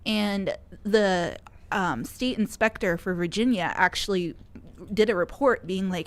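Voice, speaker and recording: A woman's voice: medium pitch, unhurried. A woman speaking as a guest on a podcast panel, earnest and heated, with filler words. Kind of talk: casual panel talk.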